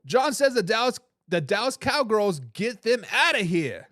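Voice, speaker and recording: A high-voiced man hosts a live sports talk stream, talking quickly and animatedly, restarting his sentences and throwing in hype catchphrases. The sound is dry and close, with no room echo. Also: big pitch swings, a bit bright. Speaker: sports talk show host.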